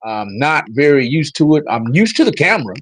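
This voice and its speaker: A man's voice: on the high side, very animated, a little fast, fairly bright tone, dry recording, poor audio. A man hosting a casual livestream, talking straight to his viewers and telling a story. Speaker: livestream host.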